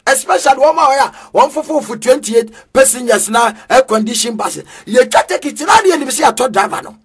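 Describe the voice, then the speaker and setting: A man preaching with fervor in a very high, husky voice. He chants his lines in a sing-song rhythm and breaks into shouts. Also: lively intonation, a little fast. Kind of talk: energetic street sermon.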